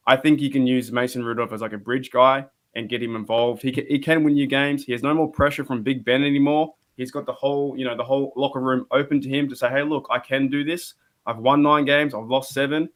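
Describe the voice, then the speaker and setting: A man's voice: medium pitch, a bit bright. A man with an Australian accent calling in to a sports show, talking animatedly with frequent restarts. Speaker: caller. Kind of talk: casual sports call-in chat.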